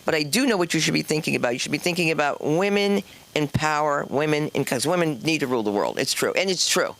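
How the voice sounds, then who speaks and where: A woman's voice: low voice, lively intonation, quick pace, a bit bright. A woman hosting a stand-up comedy night, chatty and teasing the audience. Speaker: comedy show host. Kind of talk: stand-up crowd work. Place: comedy club stage.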